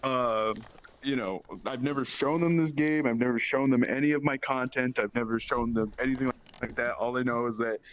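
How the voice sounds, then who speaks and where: A young male streamer talks in a loose, rambling way with lots of fillers and restarts. His voice sits at a middle pitch. The sound is a little dull and muffled. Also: steady tone, normal speed. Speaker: guest streamer. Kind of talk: casual chat.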